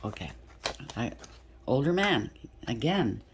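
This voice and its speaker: A woman's voice: very deep voice, sing-song, slow, background noise. A woman giving a casual tarot reading, chatty and blunt, thinking aloud and swearing freely. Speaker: tarot reader.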